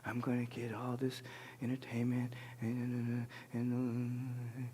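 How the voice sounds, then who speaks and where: A man delivering an impassioned sermon in a rhythmic, repetitive cadence, swinging between shouts and hushed murmurs. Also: medium pitch, completely flat delivery, slow. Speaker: spiritual leader. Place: large spiritual center sanctuary. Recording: long hall reverb.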